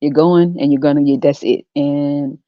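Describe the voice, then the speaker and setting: A whiny, bewildered soul, put on by a woman pleads not to be sent away. Her voice pitches up into protest, and the recording is dull, dry and lo-fi. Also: fairly even intonation, normal speed, no room sound, close to an everyday voice. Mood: pleading.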